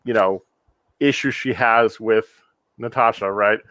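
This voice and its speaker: A man's voice: lowish voice, steady tone, measured pace, a bit bright, dry recording. Guy hosting a movie review podcast, laid back, laughs a lot, dry close mic. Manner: leads the discussion, laughs easily. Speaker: podcast host. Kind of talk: casual movie review chat.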